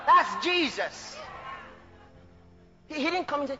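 High, bright fervent male preacher. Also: very animated, slow, long pauses. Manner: fervent, laughing, bursts into shouts. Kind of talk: sermon. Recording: dull lo-fi recording with faint music.

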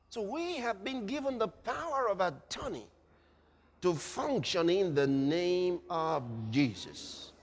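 High-pitched, dramatic male preacher. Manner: dramatic, swings from hushed to shouting. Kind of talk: sermon. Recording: reverberant hall.

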